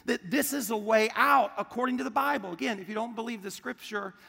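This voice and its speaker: A pastor preaches in a bright, high voice, firing questions at the congregation and answering them himself with emphasis. His words ring with the long reverb of a large church hall. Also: brisk, vocal fry, husky. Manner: emphatic call-and-response preaching. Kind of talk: sermon.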